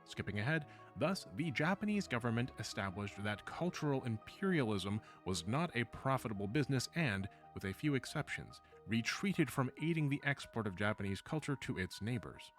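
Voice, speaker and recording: A man giving scripted video-essay narration in a measured way, with dry, wry asides. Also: medium pitch, sing-song, a bit bright, faint music behind.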